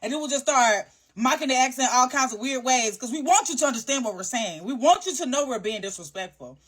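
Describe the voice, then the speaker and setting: A woman's voice: sits high, lively intonation, a little fast, a bit bright, husky. A woman telling a story in a casual, blunt, slangy rant as a social media creator.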